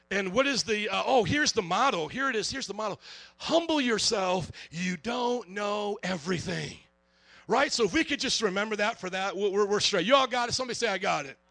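A man preaching a sermon as a pastor, telling stories with lots of energy, acting out other people's voices and shouting now and then. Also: high voice, creaky, no echo. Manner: animated storytelling, acts out voices, shouts.

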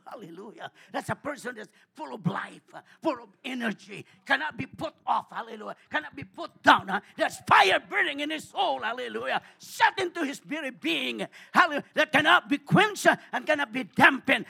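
A man preaching a sermon in church, repeating hallelujah between phrases and swinging from hushed asides to shouted calls. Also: extremely high pitch, sing-song, normal speed, creaky, hardly any pauses. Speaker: pastor.

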